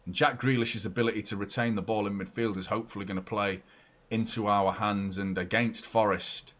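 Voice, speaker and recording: A young man hosting a live football watchalong from home, chatty and excitable, moving between loud cheers and quiet muttering. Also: fairly low pitch, brisk. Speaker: football fan channel host. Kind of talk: live match watchalong commentary. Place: home room with door open and a fan.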